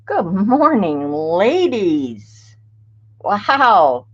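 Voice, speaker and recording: A woman's voice: mid-range voice, very animated, extremely slow, slightly rough. A middle-aged woman hosting a craft livestream, chatting casually with viewers, greeting them by name and laughing often. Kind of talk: casual live-stream chat. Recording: dull lo-fi stream audio.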